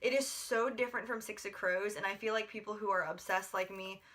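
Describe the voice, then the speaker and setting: A woman's voice: medium pitch, steady tone, brisk, a bit bright. A young woman from the United States chatting through a book review, gushing and rambling with lots of filler words. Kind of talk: casual book review vlog.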